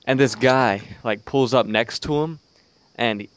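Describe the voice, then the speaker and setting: A young man co-hosting a hunting podcast, telling animated stories in casual chat and swearing freely. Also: medium pitch, unhurried, slight background noise. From Georgia. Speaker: podcast co-host. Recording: dull lo-fi audio.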